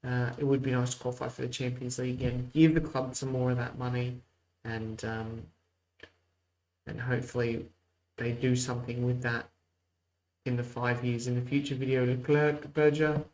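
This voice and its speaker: In a rough recording with a little hiss or hum, a male host does casual let's-play commentary, alternating mock play-by-play calls and muttered asides. His mid-range voice has a darkish tone and a level delivery at normal speed.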